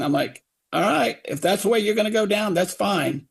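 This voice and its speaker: Upset middle-aged father, gravelly voice, retells and mimics officials. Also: high voice, animated, normal speed. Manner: indignant, quotes others in put-on voices. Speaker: father of a victim, radio guest. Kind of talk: angry retelling on talk radio.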